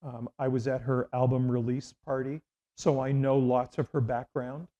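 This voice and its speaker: Mellow-voiced Canadian man telling radio stories. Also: mid-range voice, flat delivery, moderate pace, muffled recording. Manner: rambling anecdotes with many restarts and fillers. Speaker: guest, former radio host. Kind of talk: casual interview storytelling.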